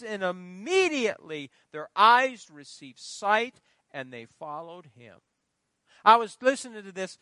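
A middle-aged man preaching in a church, his voice pitched very high for a man and swinging widely in an animated delivery. His tone is bright and forceful, and the sound is close and dry. He presses points hard and pauses to let the congregation call out the next word. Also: no echo. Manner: emphatic preaching, prompting the congregation to fill in words. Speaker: pastor. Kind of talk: sermon.

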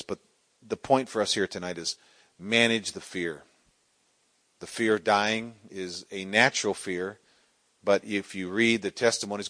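A middle-aged man preaching a sermon, swinging from loud, soaring exclamations to quiet storytelling. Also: fairly low pitch, dry recording.

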